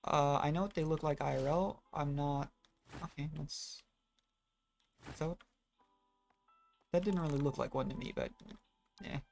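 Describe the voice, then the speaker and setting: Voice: mid-range voice, a little slow, gravelly, long pauses, darkish tone, faint music behind. A gamer giving casual, rambling commentary while playing, often trailing off and restarting thoughts. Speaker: let's play gamer.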